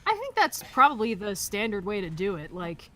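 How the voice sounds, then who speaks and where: A woman co-hosting a casual chat while playing a video game, opinionated and quick to laugh, with a loose, swearing manner. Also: medium pitch, sing-song, sharp tone. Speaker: co-host.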